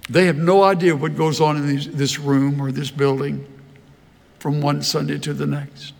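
An older man preaching a sermon, telling folksy stories in a slow, easy drawl. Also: a little high, level tone, vocal fry, in a large hall. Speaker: pastor. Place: large church hall.

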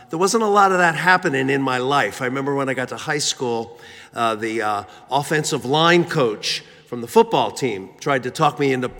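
A man's voice: medium pitch, pushed and bright. A man from Philadelphia telling a humorous, self-mocking story in a sermon, with frequent fillers and restarts. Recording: reverberant church hall.

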